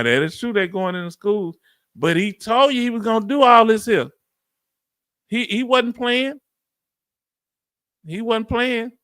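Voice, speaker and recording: Middle-aged Southern man, high voice, dry sound, easygoing livestream host answering chat. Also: bright, forceful tone, no echo. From United States. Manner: casual, conversational, laughs often. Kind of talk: live Q&A, reading and answering chat comments. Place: Texas.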